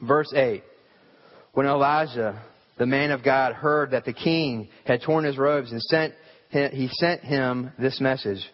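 A man's voice: medium pitch, unhurried. A man preaching a sermon in a church, talking conversationally and asking the congregation rhetorical questions. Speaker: pastor. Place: church sanctuary. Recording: hall reverb, dull lo-fi sound.

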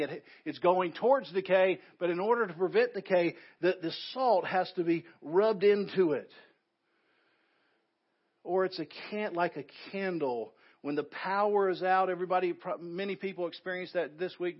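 A man's voice: high-pitched, moderate pace, dull audio. A man preaching a sermon as pastor, building emphasis through repeated phrases.

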